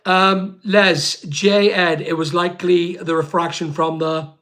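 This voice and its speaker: A Northern Irish man hosting a live stream from his home studio, his voice sitting fairly high. He answers viewers' comments in a chatty, rambling way, often calling them mate. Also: fairly even intonation, a bit bright. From Northern Ireland. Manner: chatty, rapid and rambling, calls people mate. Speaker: livestream host.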